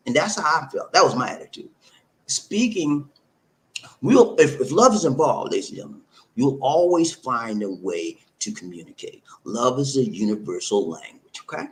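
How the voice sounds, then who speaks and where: With a medium-pitched voice full of big pitch swings, this vlogger, a foreigner settled in the Philippines, talks at a moderate pace to his viewers in casual advice. The sound quality is poor. Emphatic and repetitive, he punctuates lines with "okay?" and "huh?"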